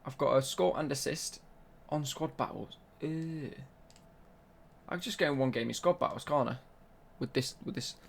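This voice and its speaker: A young man talks through a gaming live stream, his voice carrying a gravelly, creaky edge. He banters loosely with his chat, reading out questions and firing back answers in a mid-range pitch. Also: moderate pace.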